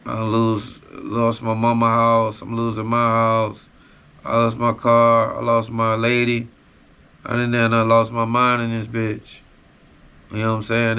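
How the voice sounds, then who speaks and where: A man's voice: mid-range voice, sharp tone, clear, resonant tone. A man hosting a podcast, telling a personal story in a raw, profane, casual street style. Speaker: podcast host.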